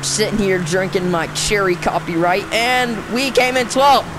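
Slow-talking excitable racing game commentator. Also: medium pitch, low-quality recording. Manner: excitable, swings between frustrated outbursts and muttering. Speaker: gaming channel host. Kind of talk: casual gameplay commentary. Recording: racing game engine noise underneath. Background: car engine and race sounds from the game.

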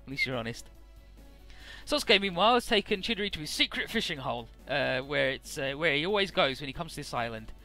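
A man's voice: fairly high pitch, lively intonation, quick pace, hardly any pauses, pushed and bright, soft background music. A man casually recapping a game's story, chatty, with many filler words and the odd swear. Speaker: let's play narrator.

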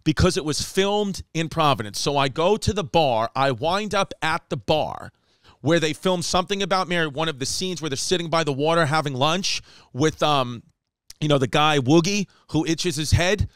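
New comic guy ranting through a story, smooth clear voice, kinda high, dry close mic. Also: dry recording. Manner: animated, acts out quotes, rapid run-on storytelling. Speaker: comedian podcast host. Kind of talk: comedic storytelling monologue.

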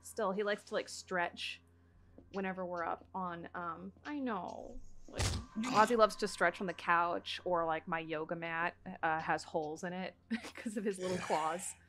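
A woman's voice: lowish voice, a little slow, a bit bright. A young woman from the United States chatting and giggling casually as a let's play host. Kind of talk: casual gameplay commentary.

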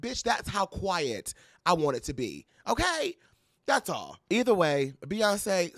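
A young adult man giving playful, sassy pop culture commentary to camera, dramatic and full of mock quotes and quick laughs. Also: high-pitched, wildly swooping pitch, fairly bright tone, no echo, clean studio sound. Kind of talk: animated casual commentary to camera.

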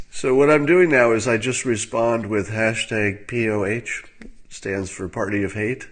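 A man giving casual livestream commentary in a wry, musing way, with fillers and soft laughs. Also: on the low side, steady tone, measured pace.

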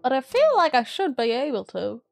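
A woman streaming a game, chatting casually and swearing at it in sudden loud bursts. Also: high-pitched, huge pitch swings, normal speed, vocal fry, soft background music. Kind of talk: casual gaming commentary.

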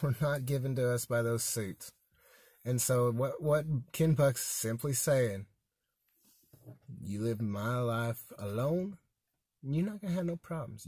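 A man's voice: fairly high pitch, a little mellow, dry recording, clean studio sound. Blunt, folksy American man ranting. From United States. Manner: emphatic, folksy and blunt, with frequent repetitions. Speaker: political commentator. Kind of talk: opinionated political monologue.

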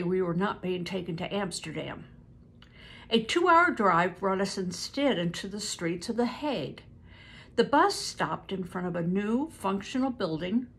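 An older woman reading a book aloud to family, pausing to explain words and stumbling over hard names. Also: mid-range voice, creaky, fairly bright tone, husky. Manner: stops to explain words and events.

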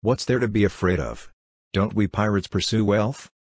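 A man's voice: on the low side, normal speed, a little mellow, dry recording. A male audiobook reader voicing greedy, bold male pirates who talk in a blustering, persuasive way. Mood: eager. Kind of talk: audiobook character reading.

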